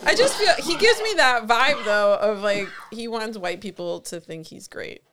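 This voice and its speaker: A woman's voice: a little high, animated, normal speed, fairly bright tone, slight background noise. A woman co-hosting a podcast in casual chat; she reacts often, laughs and gives blunt opinions. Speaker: podcast co-host.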